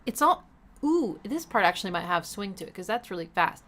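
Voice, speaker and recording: A woman's voice: mid-range voice, big pitch swings, brisk, a bit bright. A woman hosting a listening party, eagerly breaking down a song's rhythms and chords, scatting riffs and swearing casually when she slips. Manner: enthusiastic, hums and scats rhythms, swears casually. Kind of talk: casual music breakdown chat. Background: album music playing.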